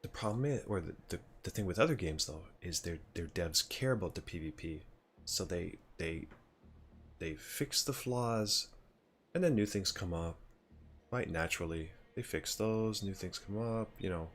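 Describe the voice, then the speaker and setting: A man's voice: low voice, animated, moderate pace, a little hiss or hum. A man streaming a shooter game, chatting casually and rambling as he reacts to the play. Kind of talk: casual gameplay commentary.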